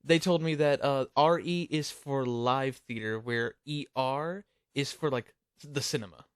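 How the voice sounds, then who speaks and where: A man's voice: mid-range voice, measured pace, clear, resonant tone, dry recording, clean studio sound. An American man on a casual group call, chatty and explaining things with examples. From United States. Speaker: cast member of a fan abridged series.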